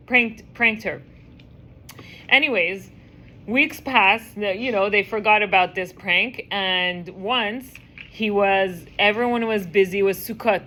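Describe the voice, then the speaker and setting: A woman teaching a class, telling a story in a lively, chatty way and acting out the voices. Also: medium pitch. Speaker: teacher leading a women's class. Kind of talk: casual storytelling lesson.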